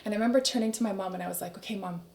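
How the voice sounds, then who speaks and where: Fast-talking woman telling her story. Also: medium pitch, creaky. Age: 30s. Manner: animated, acts out quoted voices, laughs often. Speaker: guest. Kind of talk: candid storytelling interview.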